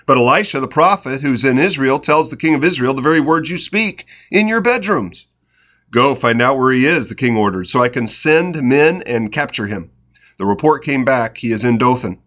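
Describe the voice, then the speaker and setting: A man reading scripture aloud in an unhurried, reflective way, pausing for short spontaneous comments and prayer. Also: medium pitch, fairly bright tone. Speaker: devotional Bible reader. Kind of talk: scripture reading with devotional asides.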